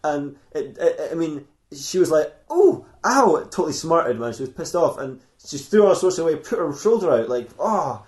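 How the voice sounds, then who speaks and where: A man's voice: a little high, animated, fairly quick, hardly any pauses, a little mellow, echoey room. Giggly man telling a rambling story. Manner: rambling, giggly, frequent laughs and restarts. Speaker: podcast host telling an improvised story. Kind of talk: comedic improvised storytelling podcast.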